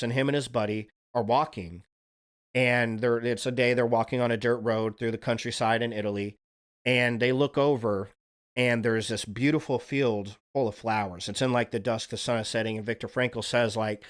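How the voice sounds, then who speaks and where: A man's voice: medium pitch, fairly even intonation, normal speed. A man hosting a livestream, talking in a casual, earnest, rambling monologue and swearing now and then. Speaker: livestream host.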